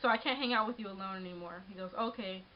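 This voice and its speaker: A woman's voice: medium pitch, rapid-fire, slight background noise. A young woman in her twenties telling a personal story in a casual vlog, rambling with many restarts, recorded on a camera mic at home. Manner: rambling, frequent restarts and "like", shaken but laughing. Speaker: vlogger. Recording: dull lo-fi webcam audio.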